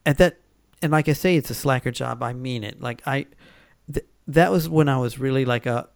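A man's voice: medium pitch, moderate pace, creaky, dry recording, studio quality. A man telling rambling stories in casual chat, full of fillers and restarts.

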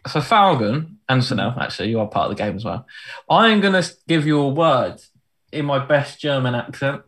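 A young man co-hosting a podcast, running a quiz game with giggly, playful banter and sudden rushed asides. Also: sing-song, fairly bright tone. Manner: giggly and playful, with big pitch leaps and quick rushed asides.

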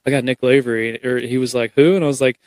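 Podcast host dude telling a story casually, kinda monotone, dry mic. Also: male voice, medium pitch, fast talker, no room sound. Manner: loose storytelling with quoted asides. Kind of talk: casual chat.

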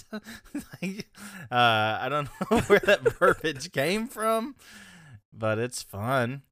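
A man's voice: on the high side, very animated, very slow, a bit bright, no echo, clean studio sound. A young man co-hosting a podcast in casual chat, rambling through stories and laughing often. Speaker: podcast co-host.

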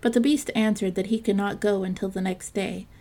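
A woman narrating a classic fairytale in a calm, measured storytelling reading. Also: mid-range voice.

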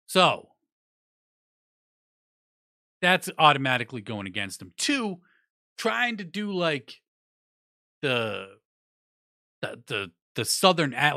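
A man's voice: mid-range voice, sharp tone, dry recording, clean studio sound. A man giving a blunt, profane, rambling music review in casual chat. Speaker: music news vlogger.

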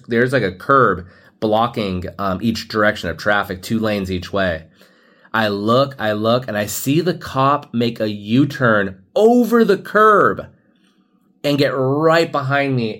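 A man's voice: fairly low pitch, a bit bright. A young man from who hosts a podcast, telling a personal story in a casual, rambling way, full of restarts and "like" fillers. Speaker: podcast host.

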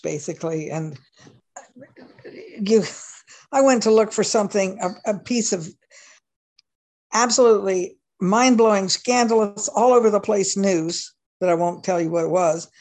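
A woman's voice: mid-range voice, a little slow, a little mellow. A woman guest in a casual discussion, speaking earnestly and emphatically.

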